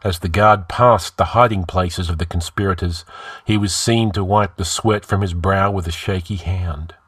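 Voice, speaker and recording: Man narrating an old-school fantasy story, lowish voice, dead dry close sound. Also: fairly even intonation, fairly bright tone, slightly rough, dry recording. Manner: measured, dramatic storytelling. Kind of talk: dramatic fiction reading.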